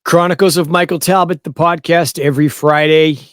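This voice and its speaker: A man's voice: fairly high pitch, steady tone, a little fast, dry recording, clean studio sound. A man appearing as a guest on a podcast, chatting casually and cracking jokes. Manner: joking, easygoing. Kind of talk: casual chat.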